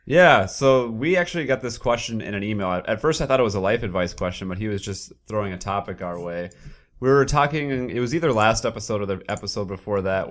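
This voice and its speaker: A man with a low voice talks on a casual podcast. He speaks in a blunt, offhand way. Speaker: podcast co-host. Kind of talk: casual chat.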